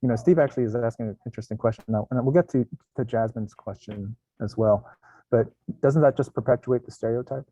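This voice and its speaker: A man leads a casual panel discussion, his voice dark and a little husky. He searches for words and restarts his sentences. The sound is muffled and dry. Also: medium pitch, quick pace, dry recording. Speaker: panel moderator and company co-founder.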